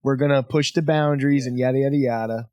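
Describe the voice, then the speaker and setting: A man hosting a podcast, chatting casually with animated, profane banter full of repeats. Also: medium pitch, fast, dry recording. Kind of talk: casual chat.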